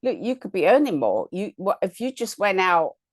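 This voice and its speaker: A woman's voice: mid-range voice, very animated, normal speed, no room sound, studio quality. A woman voicing a pushy male businessman in a retold story, with an insistent, lecturing manner. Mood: urging.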